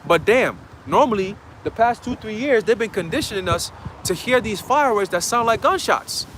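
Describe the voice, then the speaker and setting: A man's voice: high voice, expressive, moderate pace, a bit bright, a little hiss or hum. A man preaching a dramatic, slangy sermon outdoors in a city, often checking in with his listeners. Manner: emphatic, checks in with "okay?". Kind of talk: street sermon.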